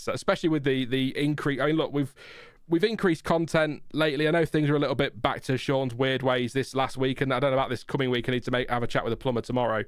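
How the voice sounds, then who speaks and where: A man's voice: medium pitch, fairly even intonation, quick pace, smooth, no room sound, clean studio sound. A man hosting a casual live watchalong, rambling and chatty with lots of fillers and laughs. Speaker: livestream host.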